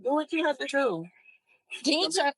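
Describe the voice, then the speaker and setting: Defiant high-voiced woman arguing. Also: animated, normal speed, dry recording, poor audio. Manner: defiant, argumentative. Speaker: driver being arrested. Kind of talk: heated roadside argument.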